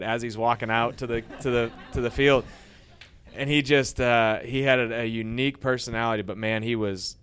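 A man, a former baseball pitcher, telling rambling anecdotes in a casual interview, growing lively as he retells old stories. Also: clean tone.

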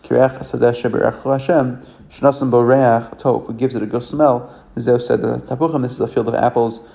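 A man reads scripture aloud and translates it line by line, in a lesson. His voice is gravelly and dark, with a rough fry underneath. He pauses often, corrects himself, and restarts half-finished words. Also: medium pitch, little pitch movement. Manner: halting, self-correcting reading with many restarts. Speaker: Torah study reader. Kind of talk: reading and translating scripture verse by verse.

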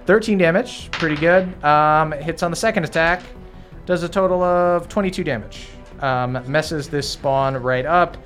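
A man's voice: a little high, unhurried, a bit bright. A man serving as game master for a tabletop game, narrating attacks and damage in a loose, rambling way. He pads his sentences with plenty of fillers, and faint music plays behind him. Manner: casual, rambling, many fillers and laughs.

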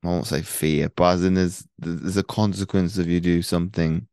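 A man's voice: deep voice, steady tone, normal speed, a little mellow, dry recording. A man hosting an interview, asking long, rambling questions with many restarts. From North Wales. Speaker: podcast host. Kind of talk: casual interview.

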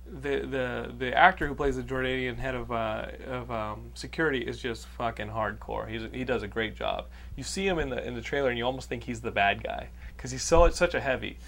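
A man's voice: mid-range voice, fairly bright tone, a little hiss or hum. A man from Texas hosting a podcast, chatting loosely about a movie with many fillers and a profane streak. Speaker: podcast host. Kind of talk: casual chat, movie review.

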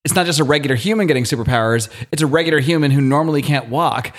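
Hesitant man musing on a podcast. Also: fairly high pitch. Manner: thoughtful, hesitant, halting restarts. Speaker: podcast co-host. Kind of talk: casual podcast discussion.

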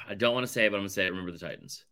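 A man co-hosting a podcast, chatting casually and ranking movies with blunt, animated opinions and some swearing. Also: sits low, rapid-fire, gravelly. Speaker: podcast co-host. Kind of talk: casual chat.

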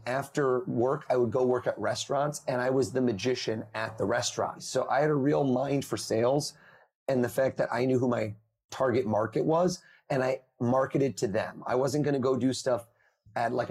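A man in his thirties, a mentalist guest on a podcast, telling lively stories and acting out the people in them. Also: mid-range voice, husky. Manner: animated storyteller, acts out quoted voices. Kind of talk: podcast interview over video call.

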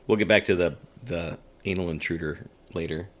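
Teasing man, bright voice. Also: low-pitched. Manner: teasing, quick reactions and laughter. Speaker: podcast co-host. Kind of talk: casual chat.

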